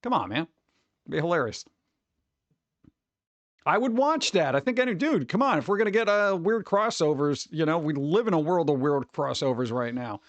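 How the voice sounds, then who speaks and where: Chill guy streamer rambling to chat, kinda high voice, says dude a lot. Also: animated, moderate pace, dry recording, dull audio. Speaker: streamer chatting with viewers. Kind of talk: casual livestream chat.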